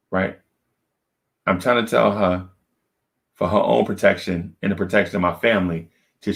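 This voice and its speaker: A man with a low, gravelly voice telling a personal story on a podcast. He talks casually and keeps checking in with his listeners as he goes. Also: steady tone, moderate pace, long pauses, a bit bright. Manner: conversational, checks in with "right?". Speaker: podcast co-host.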